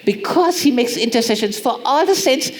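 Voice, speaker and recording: A woman preaching a sermon, pressing points with repeated rhetorical questions and acting out soft prayers. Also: a little high, animated, moderate pace. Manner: acts out prayers in soft pleading tones.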